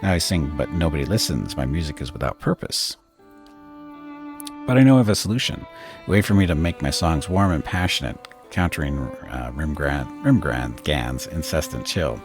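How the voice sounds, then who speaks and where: Brief: a man reading a quirky, self-assured little Orlan chanter for a fantasy game, very deep and gravelly, swinging up and down. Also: lively intonation, moderate pace, over music. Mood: earnest. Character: small eccentric male Orlan singer, cheerful and self-assured.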